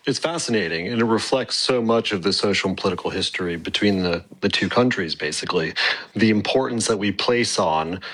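An American man, an academic guest, explaining his research in a measured, explanatory way. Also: on the low side, a bit bright, slightly rough, rough recording. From North America. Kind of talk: expert interview.

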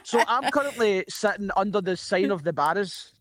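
Glaswegian man, comedian, high-pitched, dry sound, jokey storytelling. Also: lively intonation, moderate pace, a bit bright, no room sound. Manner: jokey, laughs often. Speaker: comedian guest. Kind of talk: anecdotal storytelling.

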